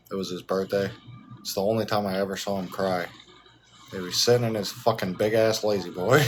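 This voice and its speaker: A man's voice: fairly low pitch, slight background noise. A man in his thirties livestreaming from a hotel room, rambling casually, laughing often and swearing freely. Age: 30s. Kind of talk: casual profane live chat.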